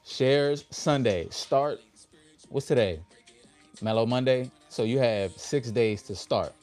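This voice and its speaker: A man with hosting a motivational livestream, leading affirmations with his audience in an upbeat, drawn-out way. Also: medium pitch, darkish tone, faint music behind. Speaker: livestream host.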